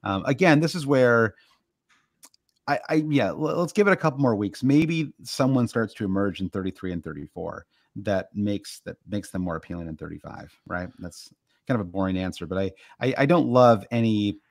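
A man's voice: lowish voice, animated, moderate pace, dry recording, studio quality. A man with a Midwestern American accent, co-hosting a casual podcast chat and rambling through many fillers and restarts. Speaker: podcast co-host.

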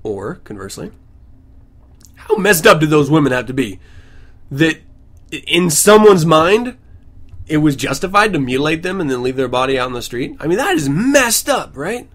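Sarcastic, animated ranting man. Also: a little high, moderate pace. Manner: sarcastic, ranting, mocking asides. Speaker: podcast host. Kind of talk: ranting commentary on news. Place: home.

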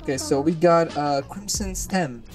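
A gamer giving gameplay commentary, excitable, swearing often and repeating words in panicked bursts. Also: medium pitch, moderate pace, faint music behind. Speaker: gamer hosting a let's-play channel.

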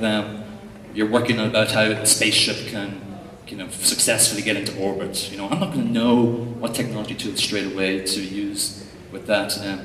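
A man's voice: mid-range voice, a bit bright, slight background noise. Joking Irish man in an echoey hall. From Ireland. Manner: jokey, chatty, lots of fillers. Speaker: conference speaker, tech coach. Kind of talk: humorous conference talk. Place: large hall before an audience. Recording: echoey hall recording from far off.

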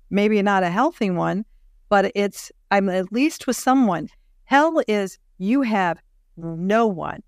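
A woman hosting a podcast interview, speaking in a reflective, measured way as she thinks aloud. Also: medium pitch, no room sound, clean studio sound. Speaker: podcast host.

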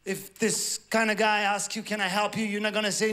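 A man from France with a French accent, performing a stand-up comedy set with a halting, self-deprecating delivery and playful acted quotes. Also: high-pitched, level tone. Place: large theatre before a live audience. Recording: stage mic over loud audience laughter.

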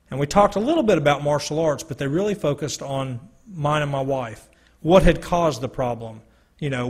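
Man, slightly high voice, husky, earnest testimony, storytelling with quoted dialogue, meeting room mic. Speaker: speaker giving a testimony. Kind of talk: personal testimony talk. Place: church hall or meeting room. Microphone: handheld or stand mic, sometimes stepping away.

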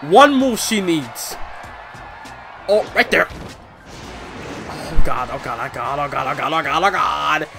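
Loud excitable young gamer guy, high voice. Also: takes it slowly, vocal fry, long pauses, over music. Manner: loud, excitable, crude trash talk. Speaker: gameplay commentator. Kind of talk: let's play commentary.

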